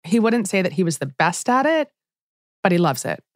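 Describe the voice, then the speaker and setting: A woman's voice: lowish voice, sing-song, moderate pace, dry recording. A woman narrating a documentary in an enthusiastic, conversational scripted style. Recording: dry studio voice-over with soft music.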